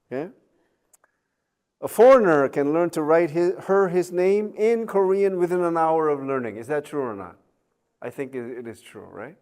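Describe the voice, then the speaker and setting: Male lecturer, slightly high voice, slow and chatty, joking asides, lots of "okay?" and "right?". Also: warm tone, smooth. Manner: chatty, joking asides, many fillers and tag questions. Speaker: university lecturer. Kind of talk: recorded online lecture.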